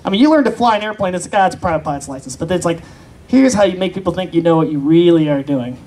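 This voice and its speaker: A man's voice: high voice, expressive, quick pace, darkish tone. A man doing open-mic stand-up, chatty and self-deprecating, bantering with the crowd. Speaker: stand-up comedian. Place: convention stage in front of an audience.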